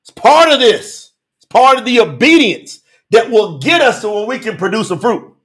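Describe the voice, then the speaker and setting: A man preaching a sermon, reading scripture verses and commenting on them with emphatic rhetorical questions and bursts of shouting. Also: high voice, sing-song, normal speed. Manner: breaks into shouting.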